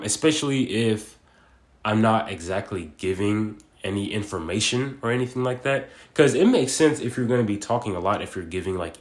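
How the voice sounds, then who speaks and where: Casting: young guy in his twenties, deep low voice, loose slangy rambling vlog talk. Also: roomy sound. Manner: rambling, slangy, full of fillers like "bro" and "like". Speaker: vlogger. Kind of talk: casual monologue.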